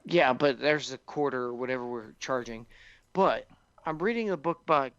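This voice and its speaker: A man's voice: medium pitch, moderate pace, fairly bright tone, clear, resonant tone, lo-fi sound. A man co-hosting a podcast, venting sarcastic complaints in casual chat. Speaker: podcast co-host.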